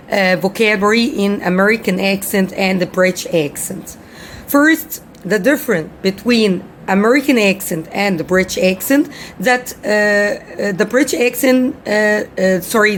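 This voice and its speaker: Slow-speaking woman teaching English pronunciation. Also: slight background noise. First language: Arabic. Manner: repeats model words slowly and in a lower voice, many fillers. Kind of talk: casual spoken lesson to camera.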